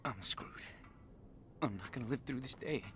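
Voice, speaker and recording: An actor playing an honest local lawyer who stammers and grows nervous and exasperated. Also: male voice, medium pitch, normal speed, bright, forceful tone, a little hiss or hum, close to an everyday voice. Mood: panicked. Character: honest male lawyer, indignant then panicked. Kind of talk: game voice acting.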